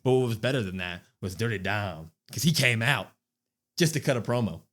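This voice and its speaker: Animated man recapping wrestling. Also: lowish voice, a little fast. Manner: animated recapping, acts out quotes. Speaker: podcast co-host. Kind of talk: casual wrestling review chat.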